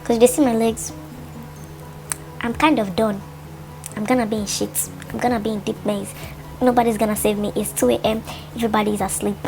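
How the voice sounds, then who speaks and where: A woman's voice: a little high, a little fast, pauses often, music in the background. A young woman tells a personal story to her vlog, full of fillers like "like" and acting out her own thoughts. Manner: animated storytelling, lots of "like", dramatizes her thoughts. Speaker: vlogger.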